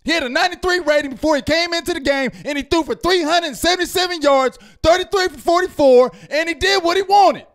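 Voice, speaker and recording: A fan-show host with a strikingly high voice, ranting in a loud, fired-up way. He keeps repeating himself and breaks into yelling. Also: fast, few pauses. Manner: loud, fired-up, repetitive, yells at times. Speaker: sports reaction show host. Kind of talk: heated fan rant.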